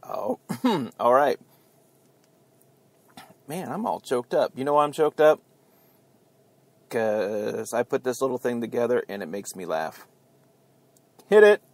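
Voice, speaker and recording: A man's voice: mid-range voice, lively intonation, unhurried, pauses often, dry recording. A man hosting a casual talk show, chatty, laughing at himself and hyping up his listeners. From Ohio. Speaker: podcast host.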